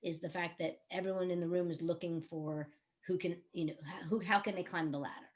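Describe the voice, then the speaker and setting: A woman's voice: lowish voice, fairly even intonation, fairly quick. A woman who works as a songwriter, producer and coach, explaining her ideas earnestly on an online panel with everyday examples. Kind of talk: panel discussion.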